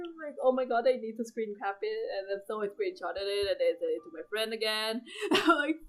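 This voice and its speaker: Excitable young woman with squealing recaps. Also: moderate pace. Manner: recounts her own screaming, repeats names in high squeals. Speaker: gamer recapping her summons. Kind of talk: casual excited commentary over gameplay. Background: game music.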